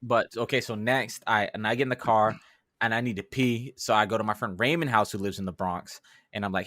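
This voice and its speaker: A young podcast co-host from the New York City area tells a story in casual chat, animated and swearing as he acts out his own reactions. His voice is on the low side and quick, in a dry, studio-quality recording.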